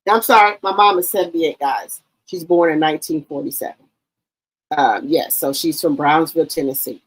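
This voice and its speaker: Middle-aged woman, lowish husky voice, animated casual storytelling, livestream host. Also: normal speed, low-quality recording. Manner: animated, addresses listeners as baby and girl.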